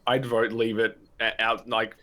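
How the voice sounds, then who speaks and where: A man playing a character in a casual tabletop role-playing game, chatty and quick with asides. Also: on the low side, little pitch movement, bright, forceful tone. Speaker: player.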